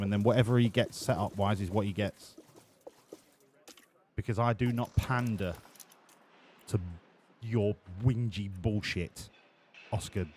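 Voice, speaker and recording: Crude rambling gaming streamer. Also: male voice, medium pitch, a little mellow. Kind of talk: casual gameplay commentary.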